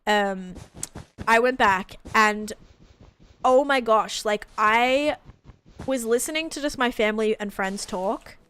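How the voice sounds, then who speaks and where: Chatty Australian woman streamer, slightly high. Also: slow pace, pauses often, fairly bright tone, clear, resonant tone. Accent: Australian, softened toward American. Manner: chatty, rambling, many "like" fillers. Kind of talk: casual chat with live chat.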